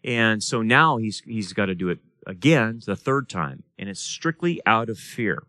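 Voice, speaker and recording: Man, pastor, Bible study sermon, rhetorical questions, lively pitch, dry close sound. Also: moderate pace, no echo. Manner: plays out voices in quoted dialogue. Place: church or study room.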